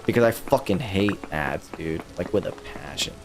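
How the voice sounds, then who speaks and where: A man with a low, animated voice streams a video game live at normal speed, chatting casually with viewers. He swears a lot and grumbles in frustration as he talks to chat.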